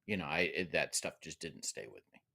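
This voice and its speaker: A man's voice: very deep voice, animated, fairly quick, creaky, pushed and bright. A man co-hosting a casual political podcast, chiming in with short, wry remarks. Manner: brief, wry interjections. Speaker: podcast co-host.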